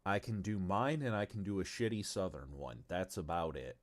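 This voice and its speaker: A man's voice: deep voice, normal speed. A man chatting casually on a livestream about the tabletop game he is designing, rambling and swearing freely, with frequent stumbles and asides. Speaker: game designer presenting his tabletop game on stream.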